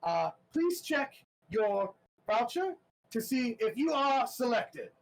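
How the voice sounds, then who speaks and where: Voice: big pitch swings, slow pace, low-quality recording. A game master voicing a nervous male tournament announcer who stammers anxiously. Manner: stammering, high-pitched, anxious. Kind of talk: tabletop game character voice.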